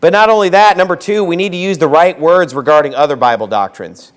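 A man with a high voice delivers a fiery sermon from the pulpit. He swings from low, quiet asides to loud outbursts, and he slows down hard whenever he quotes scripture. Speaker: pastor.

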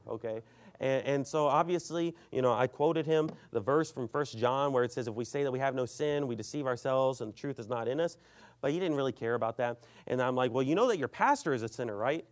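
A man preaching a sermon, telling an argument story with lively acted-out quotes and reading scripture aloud. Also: mid-range voice. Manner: animated storytelling, acts out both sides of an argument; reads scripture aloud in King James wording. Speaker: pastor.

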